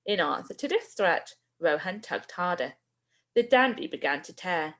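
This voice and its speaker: Expressive teacher reading a story. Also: female voice, on the low side, moderate pace. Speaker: primary school teacher. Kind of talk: reading a children's book aloud.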